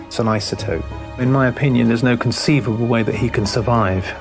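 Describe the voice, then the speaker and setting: An actor playing a grave male doctor in a television drama, speaking in a measured, clinical way. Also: medium pitch, gravelly, lightly acted. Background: music score.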